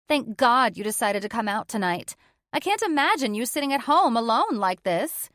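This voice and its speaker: A woman's voice: fairly high pitch, very animated, moderate pace, a bit bright, no room sound, studio quality. A woman voicing a smug, tipsy woman friend who is catty and teasing, stretching her words condescendingly.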